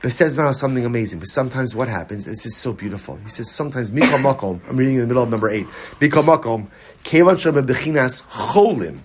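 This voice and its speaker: A man, a rabbi, giving a Torah class to students, repeating his key lines and swinging between raised emphasis and quiet, low storytelling. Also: fast, background noise. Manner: animated teaching, repeating key lines, rising for emphasis, dropping low for stories; sings short snatches of a melody.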